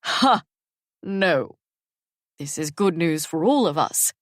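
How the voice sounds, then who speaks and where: Lady narrator doing a goofy puffed-up dad, pleased with himself, audiobook, slow and dry. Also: sits low, expressive, dry recording. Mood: smug. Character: charming, self-important middle-aged father.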